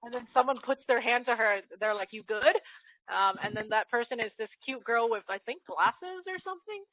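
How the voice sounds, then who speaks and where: A woman reads a comic aloud in a relaxed, chatty way. She giggles often and trips over the words. Her fairly high voice comes through a tinny, phone-like line with no room sound. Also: fairly quick, no echo. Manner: giggly, stumbling and restarting while reading out lines. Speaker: host. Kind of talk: casual reading of a comic aloud. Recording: tinny phone-like dry audio.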